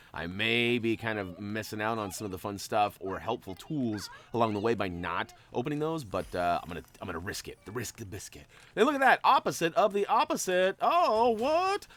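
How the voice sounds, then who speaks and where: A man giving casual, playful commentary while he plays a video game. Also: fairly low pitch. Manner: chatty and playful, jumps up in excitement. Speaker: gaming channel host.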